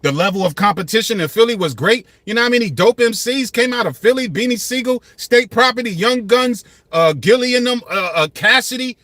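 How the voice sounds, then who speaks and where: A man's voice: very high-pitched, a little fast, hardly any pauses, pushed and bright, no room sound. A man in his fifties hosting a hip-hop commentary channel, talking passionately and emphatically in street slang. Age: 50s. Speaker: channel host.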